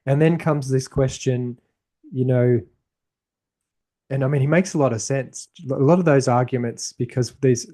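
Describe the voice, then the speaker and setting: At a moderate pace, a man with a medium-pitched, dark-toned voice hosts a casual podcast conversation. He reflects as he goes, rambling loosely and restarting often.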